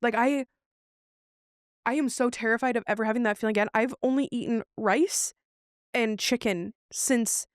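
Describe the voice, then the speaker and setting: At a normal speed and a little high in pitch, a woman co-hosting a podcast relates a personal story in easy conversation, acting out others' remarks with animation. The studio sound is clean, with no room sound.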